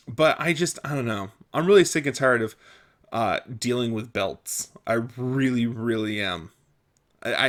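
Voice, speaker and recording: A man's voice: medium pitch, a bit bright. A young man venting in a casual vlog, exasperated and self-mocking, often laughing at his own frustration. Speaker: vlogger.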